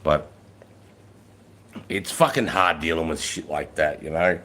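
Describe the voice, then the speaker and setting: A man's voice: a bass voice, unhurried, slight background noise. A middle-aged man, a former army sergeant telling blunt, profane war stories on his own livestream. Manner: blunt and heavily profane, rising loud when quoting himself. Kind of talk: casual storytelling livestream.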